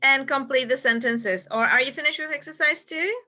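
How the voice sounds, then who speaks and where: Woman, English teacher, patient, repeats answers, slightly high voice. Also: fairly quick, sharp tone. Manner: patient, checks answers one by one and repeats them. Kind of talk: classroom instruction.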